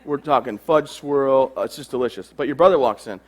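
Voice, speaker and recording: A young adult man working as a keynote speaker gives a humorous stage talk to a live audience at a brisk pace in a medium-pitched voice. He jokes and tells self-deprecating stories.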